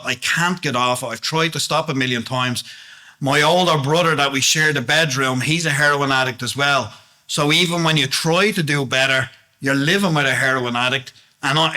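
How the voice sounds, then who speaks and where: A man's voice: mid-range voice, sharp tone. A man giving a plain-spoken, earnest testimony sermon, often asking the congregation questions.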